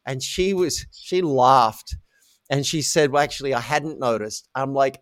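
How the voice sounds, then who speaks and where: A man telling a candid, self-mocking story as a guest in a podcast interview, with lively animated delivery. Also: on the high side, moderate pace, no echo, clean studio sound. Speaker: guest, coach.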